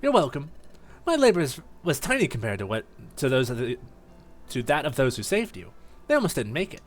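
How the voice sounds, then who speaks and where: A man voicing a kind female psychic healer creature from a game, gentle and chatty. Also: mid-range voice, huge pitch swings, brisk, faint music behind. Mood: friendly. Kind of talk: voicing game dialogue on stream.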